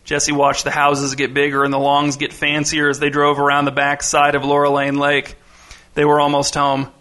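A male audiobook narrator giving a measured, even scripted reading. His voice is bright, clear-edged and pitched a bit above the usual for a man.

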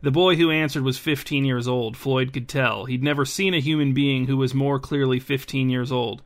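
A man hosting a podcast and reading a bedtime story in a calm, even narration. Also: medium pitch, moderate pace.

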